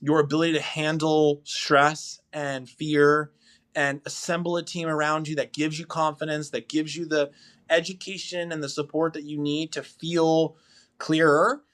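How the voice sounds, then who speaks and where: Male podcast guest, slightly raised pitch, casual and rambling, animated storyteller. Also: a little slow.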